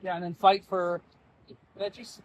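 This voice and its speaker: Brief: man vlog host, unusually high voice, relaxed rambling, outside. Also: measured pace, a little hiss or hum, rough recording. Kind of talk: casual on-location vlogging. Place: outdoors in town.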